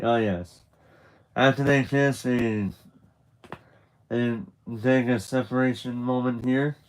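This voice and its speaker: A man's voice: on the low side, a little mellow, clean tone, poor audio. A man narrating a graphic novel aloud on a live stream, casual and chatty, with restarts and asides. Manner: loose and chatty, with restarts and laughter.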